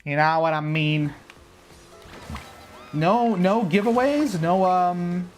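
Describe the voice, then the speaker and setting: A man's voice: sits high, expressive, slow, soft background music. A man chatting casually to his viewers while playing a racing game on a livestream, rambling and talking straight to chat. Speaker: streamer. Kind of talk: casual livestream gaming commentary.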